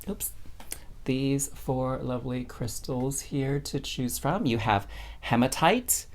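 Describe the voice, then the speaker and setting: A woman's voice: rumbling low, slow, a little hiss or hum. A woman giving a casual, chatty spiritual card reading to camera, bubbly and addressing viewers as fam. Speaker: tarot card reader.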